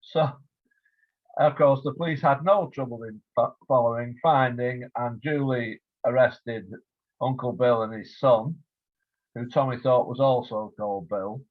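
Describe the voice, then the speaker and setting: An older English man, an author interviewed over a video call, telling stories in a relaxed, reminiscing way with fillers. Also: mid-range voice, measured pace. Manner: warm storytelling with fillers, acts out quoted voices. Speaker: author interviewed about his biography. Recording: phone-like lo-fi line.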